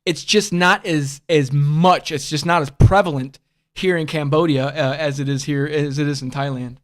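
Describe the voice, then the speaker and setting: A man's voice: a little high, steady tone, moderate pace, fairly bright tone. A man hosting a casual livestream podcast, rambling bluntly and profanely and calling listeners bud and bro. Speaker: podcast host.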